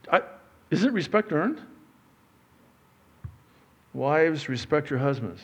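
Animated preaching man, swooping high and slow. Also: breathy edge, dull audio. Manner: animated, swings from loud preaching to low asides. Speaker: pastor. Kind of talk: sermon.

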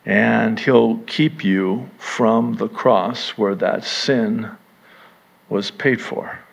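A male pastor delivering a sermon at an unhurried pace. He builds to emphatic, rising bursts and slips in wry humor. His pitch sits in the middle range for a man. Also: vocal fry.

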